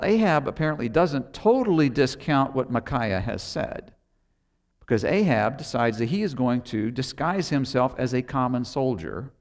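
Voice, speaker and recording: A man preaching a sermon, retelling a Bible story conversationally and acting out the characters' lines. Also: mid-range voice. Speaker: pastor.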